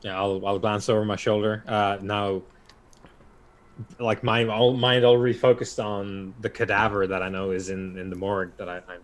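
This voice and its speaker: Male player in-character, lowish voice, halting and hesitant. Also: level tone. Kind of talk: in-character tabletop play.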